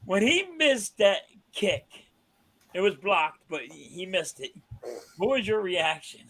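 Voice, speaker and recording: A man co-hosting a casual sports podcast, chuckling often and asking his friends questions with halting restarts. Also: high voice, big pitch swings, pushed and bright. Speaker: podcast co-host.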